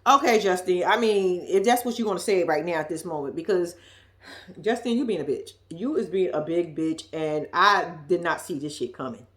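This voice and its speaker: A woman's voice: on the low side, moderate pace. A woman with giving a blunt, profane, casual recap of a reality show, with laughing asides.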